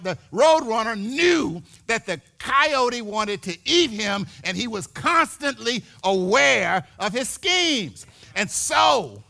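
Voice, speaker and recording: A man preaching in a church with a bright, gravelly voice. He speaks slowly and deliberately, swells into shouts and repeats his words. His pitch sits high and moves a great deal. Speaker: pastor. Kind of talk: sermon.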